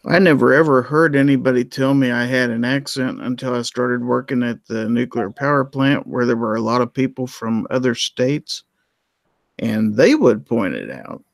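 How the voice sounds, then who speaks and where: A man's voice: medium pitch, normal speed, gravelly, no echo. Laid-back guy, middle voice, drawly offhand chat, dry close sound. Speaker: guest. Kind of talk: casual chat.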